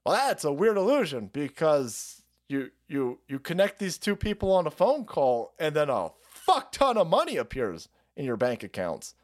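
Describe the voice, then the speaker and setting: Stream host, male, foul-mouthed and sarcastic; a lively, up-and-down delivery. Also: moderate pace, hardly any pauses. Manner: sarcastic, swears a lot, pitch swings widely. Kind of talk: profane political rant.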